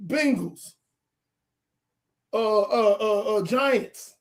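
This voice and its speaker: A man with a high, bright voice chats about football on a podcast. He is animated and playful, and he acts out scenes as he makes his point. His delivery is casual and joking. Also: moderate pace, slight background noise. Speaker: podcast co-host. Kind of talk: casual sports chat.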